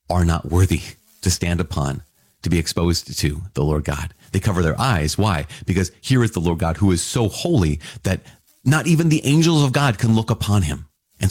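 A man teaching about scripture to a Catholic audience in an excited, marveling way, with casual asides to his listeners. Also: deep voice, moderate pace, slightly rough, dry recording. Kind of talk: enthusiastic scripture reflection.

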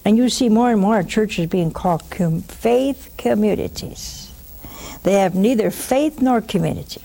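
A woman hosting a religious call-in show, teaching in an animated way, mocking with put-on quotes and dropping to a hush for emphasis. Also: mid-range voice, unhurried, gravelly. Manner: animated, mocks with put-on quotes, drops to a hushed whisper for emphasis.

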